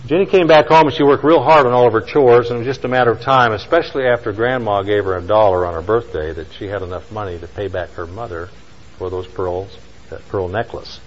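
A man preaching a sermon, telling a story with emphatic lines and slow, quiet stresses. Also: lowish voice, long reverb tail, lo-fi sound, a little hiss or hum. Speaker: pastor.

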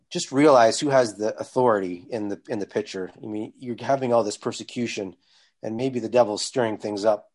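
A man in a group bible discussion, speaking devoutly with halting restarts. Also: fairly low pitch, a little mellow. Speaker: bible study participant.

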